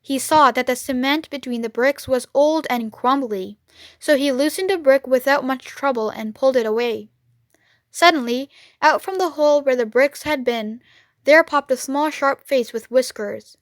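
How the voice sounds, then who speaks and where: A woman reading a children's book aloud, clear and expressive. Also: high-pitched, normal speed, no room sound, clean studio sound. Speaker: storyteller. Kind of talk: children's read-aloud narration.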